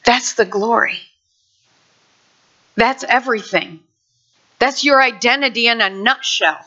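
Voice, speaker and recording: A woman's voice: on the high side, a little slow, bright, forceful tone, lo-fi sound. A woman pastor preaching a fervent sermon, moving from prayer to acting out voices.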